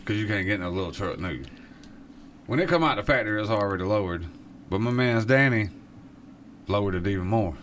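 A man co-hosting a radio show with a bright, forward voice. He talks in a casual, laid-back way and chimes in often. A faint noise sits under the recording. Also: on the low side, animated, fairly quick, long pauses. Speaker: radio co-host.

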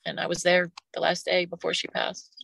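A middle-aged woman tells a personal story as a guest on a podcast. Her voice is bright and clear, recorded dry and close with little room sound. She talks in an emotional, casual way and often repeats words as she goes. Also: fairly low pitch, completely flat delivery, moderate pace, no echo, rough recording. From Oklahoma.

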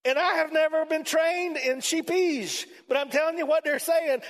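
A man preaching a sermon in a church auditorium, animated, swinging between loud emphasis and quiet passages. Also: extremely high pitch, moderate pace, hardly any pauses. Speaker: pastor. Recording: long reverb from a large hall.

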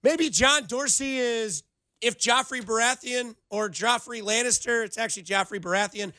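A young man hosting a sports radio show in a studio, talking in an animated, rambling way full of playful comparisons. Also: very high-pitched, normal speed, no echo. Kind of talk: casual sports radio banter.

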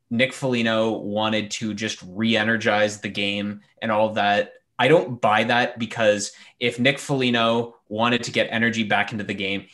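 A man's voice: fairly low pitch, a bit bright. A man giving blunt, emphatic opinions on a casual sports discussion panel, with frequent fillers. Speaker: hockey podcast panelist.

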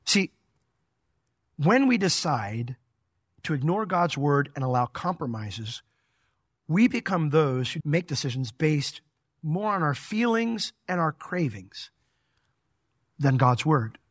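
A man preaching a conversational, animated Bible teaching sermon as a pastor. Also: on the high side, slow, long pauses, dry recording, studio quality.

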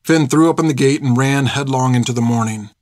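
A male narrator reading a chapter of an audiobook at a steady, even pace. His voice sits in a middle pitch, and the sound is close and dry. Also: a little fast, dry recording.

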